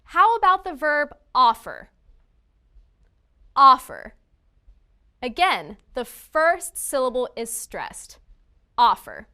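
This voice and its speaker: A woman teaching English spelling in a scripted lesson, enunciating each word deliberately for learners. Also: high voice, very animated, a bit bright.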